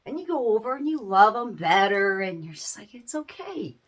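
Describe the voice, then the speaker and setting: A woman's voice: medium pitch, sing-song, a little fast, a bit bright. A woman, a parent, giving a casual life-lesson talk to camera, earnest and repeating phrases for emphasis. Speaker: parent and small business owner.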